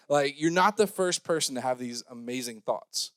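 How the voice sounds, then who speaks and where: A young man giving a youth sermon, joking and talking casually, switching between loud scripture reading and quiet mumbled asides. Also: medium pitch, moderate pace, hardly any pauses, dry recording. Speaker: youth pastor.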